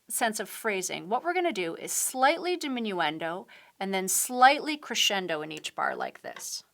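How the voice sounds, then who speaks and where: A woman's voice: on the high side, fairly bright tone. A woman piano teacher giving a patient, step-by-step tutorial, explaining techniques while she demonstrates at the keyboard. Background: piano playing.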